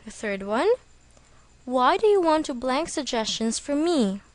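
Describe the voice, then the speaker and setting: Slow, deliberate woman teaching vocabulary. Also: high-pitched, expressive, dry recording. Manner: slow, deliberate, spells words out letter by letter. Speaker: English teacher. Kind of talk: scripted vocabulary lesson.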